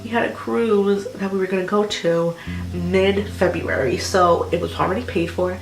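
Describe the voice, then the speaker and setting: A woman's voice: medium pitch, steady tone, moderate pace, recorded from a distance. Chatty young woman in an echoey room. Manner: chatty and rambling, full of "like" and "um". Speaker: vlogger. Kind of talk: casual personal storytelling. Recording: roomy echo with music behind.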